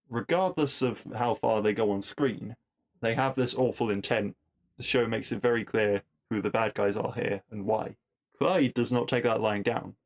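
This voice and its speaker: A man hosting a podcast, casually recapping a TV episode with wry asides and rhetorical questions. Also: mid-range voice.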